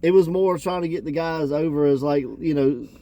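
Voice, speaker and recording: A man's voice: on the high side, steady tone, a little fast, warm tone, lo-fi sound. A man co-hosting a casual wrestling chat, laid-back and agreeable. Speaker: podcast co-host.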